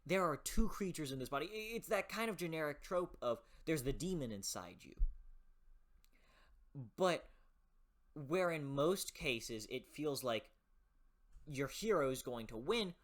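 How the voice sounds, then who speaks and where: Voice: mid-range voice, animated, a little slow, fairly bright tone. A book reviewer talking in a casual, passionate way, swearing freely and often restarting sentences while thinking aloud.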